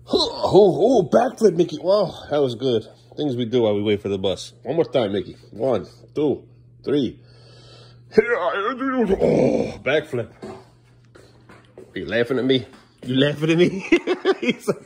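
Sleepy, playful dad with a lively voice. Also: male voice, on the low side, husky. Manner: playful, teasing, coaxing his kids. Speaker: father and vlogger. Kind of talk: casual family vlog. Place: home kitchen, then outdoors by the street.

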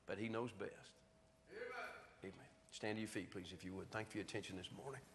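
A man's voice: lowish voice, big pitch swings, fast, a little hiss or hum. A middle-aged man preaching a sermon, telling homespun stories and making an earnest appeal. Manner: folksy storytelling, then quiet earnest appeal. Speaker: pastor. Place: church sanctuary. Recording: church hall reverb on a live stream.

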